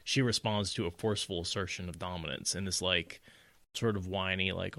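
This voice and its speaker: A man's voice: sits low, steady tone, moderate pace, a bit bright, dry recording. A man co-hosting a podcast, talking through a fantasy novel in casual chat and mocking the characters in put-on voices. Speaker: podcast co-host. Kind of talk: casual book discussion.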